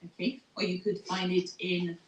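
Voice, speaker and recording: A woman's voice: on the low side, flat delivery. A woman teaching French pronunciation in a recorded lesson, patiently repeating each word and checking in with "okay?". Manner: patient, repeats words slowly, tags "okay?". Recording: echoey room, faint noise.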